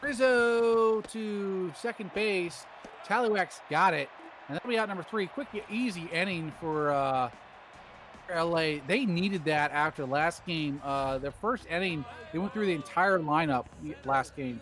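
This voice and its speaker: A man's voice: sits high, unhurried, a bit bright, a little hiss or hum. A man doing rambling, jokey play-by-play commentary on a baseball video game stream.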